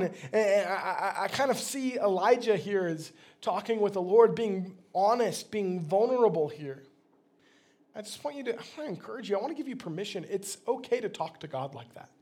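A man's voice: sits high, lively intonation, normal speed, a little mellow. A man, a pastor, delivering a sermon in a conversational, plain-spoken way.

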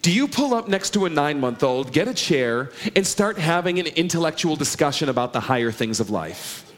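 A man's voice: a little high, sing-song, brisk. A middle-aged man preaching a sermon to a congregation, earnest and conversational, often asking the listeners questions. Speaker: pastor.

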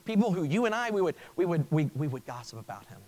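A man's voice: fairly high pitch, big pitch swings, fast talker, warm tone, low-quality recording. A male pastor preaching a sermon in an earnest way, often stopping and restarting his phrases. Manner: earnest, with frequent stammered restarts.

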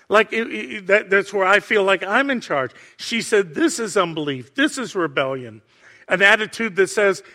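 Bright high-voiced male preacher. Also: expressive, moderate pace. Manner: impassioned, swings between hushed and near-shouting. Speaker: pastor. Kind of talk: sermon.

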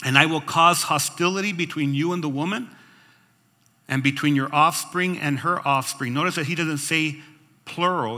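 A man's voice: a little high, moderate pace, big-room sound. A man preaching as pastor, reading scripture aloud and breaking in with comments and calls of "Amen?" to the congregation. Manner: expressive, asks the congregation "Amen?" and "right?". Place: church sanctuary.

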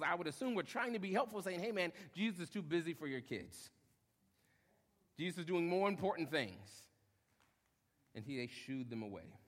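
A young adult male pastor preaching a sermon, lively, acting out short quotes and joking with the congregation. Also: a little high. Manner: animated, acts out short quotes, jokes with congregation. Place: church hall. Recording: long hall reverb.

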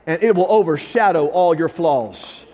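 A man with a high voice preaches a sermon to his congregation. He drops low and quick, then climbs into shouted, half-sung lines. The sound rings with the long reverb of a large hall. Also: expressive, husky. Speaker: pastor. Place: church service.

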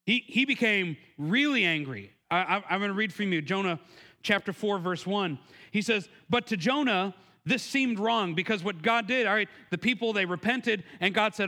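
A man's voice: lively intonation, normal speed, sharp tone. A man preaching a sermon in an earnest, conversational way, often restarting his words and raising his voice to act out the quotes. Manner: acts out quotes with raised pitch and emphasis. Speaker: pastor.

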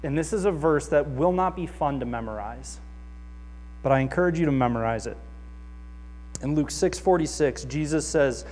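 High-voiced pastor preaching in a reverberant hall. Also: male voice, normal speed, pauses often, a little mellow. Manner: earnest, reads scripture aloud and acts out quoted voices. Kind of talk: sermon. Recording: long reverb of a large hall.

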